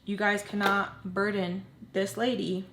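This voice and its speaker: A woman's voice: mid-range voice, little pitch movement, measured pace, background noise, close to an everyday voice. A woman voicing her stern, exasperated grandmother, who scolds and repeats herself. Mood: scolding.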